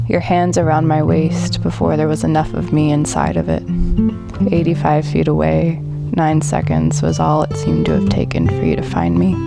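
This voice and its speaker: Low gravelly woman reading a poem. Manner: slow, measured, intimate delivery. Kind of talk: poetry reading. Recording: loud guitar music behind. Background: plucked guitar music.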